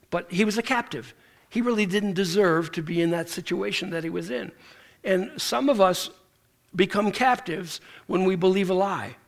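A pastor preaches a sermon full of animated stories, acting out the people in them and often restarting his sentences. His voice is high and gravelly.

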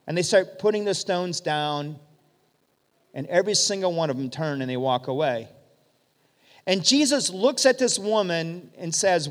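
A man's voice: high voice, normal speed. A man preaching a sermon, retelling stories vividly and speaking directly to his congregation. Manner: vivid storytelling, addresses the congregation. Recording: long hall reverb.

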